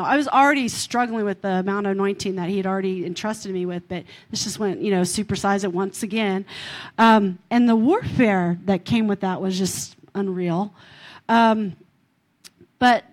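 A middle-aged woman preaching, telling a personal testimony in an animated way, with many fillers and laughs. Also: mid-range voice. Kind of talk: sermon testimony.

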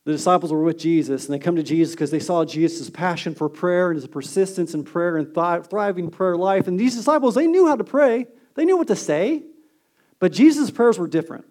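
A man preaching a sermon as a pastor, earnest and emphatic, dropping to a hushed tone on key lines. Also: sits high.

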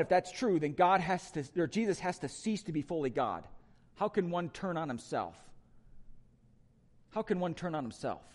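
A man preaching a sermon to a congregation, asking rhetorical questions and swinging between loud emphatic lines and quiet ones. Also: fairly high pitch. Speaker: pastor.

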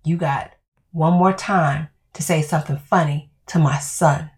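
A woman voicing an angry middle-aged husband who speaks in a low, quiet, threatening way. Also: moderate pace, lightly acted. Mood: quiet menace.

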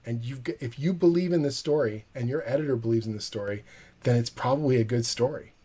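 Husky-voiced man telling stories. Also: medium pitch, quick pace. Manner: lively storyteller acting out quoted dialogue. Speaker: comic book writer. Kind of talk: animated anecdote in a podcast interview.

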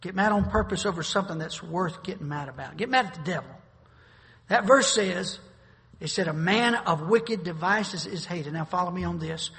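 High, bright-voiced male preacher. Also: moderate pace. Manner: folksy storytelling, with bursts of forceful preaching. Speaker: pastor. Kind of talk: sermon. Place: church sanctuary. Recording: long hall reverb.

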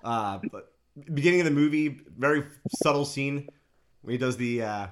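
A man's voice: medium pitch, normal speed, a little hiss or hum. A man co-hosting a podcast in casual chat, easygoing and eager about movies. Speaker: podcast co-host.

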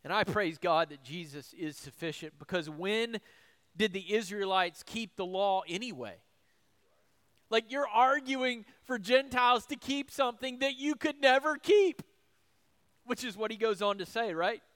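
Male pastor, middle-aged, high clear voice, preaching with rhetorical questions. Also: unhurried, fairly bright tone. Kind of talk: sermon.

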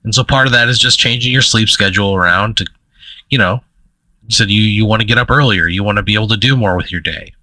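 Fast-talking, he has a lowish, bright and forceful voice with no echo, recorded dry. This podcast co-host spins rambling comedic tales in casual conversation, laughing mid-sentence and leaning on many fillers like "uh."

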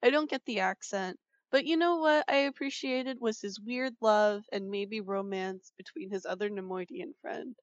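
A woman's voice: mid-range voice, moderate pace, few pauses, no echo, dull audio. A woman co-hosting a podcast, chatting casually and rambling with lots of "like" and fillers. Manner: rambling, heavy use of "like". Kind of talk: casual chat.

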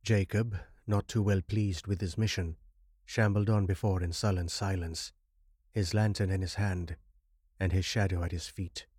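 Brief: male audiobook narrator, deep and warm, close and dry recording. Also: slightly rough, no room sound. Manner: steady, measured storytelling. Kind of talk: audiobook horror story reading.

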